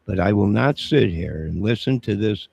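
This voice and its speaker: Gravelly deep-voiced man, preachy and indignant. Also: lively intonation, moderate pace, a little mellow, muffled recording. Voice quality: gravelly husky voice. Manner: indignant, preachy, confrontational, keeps saying 'sir'. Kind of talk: rambling live-stream monologue.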